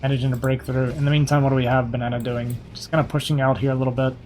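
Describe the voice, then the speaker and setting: A young man giving casual, quick play-by-play commentary on a strategy game match, a little hoarse and thinking aloud as he goes. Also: mid-range voice, flat delivery, a little mellow, soft background music. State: slightly hoarse, losing his voice. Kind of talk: live esports play-by-play commentary.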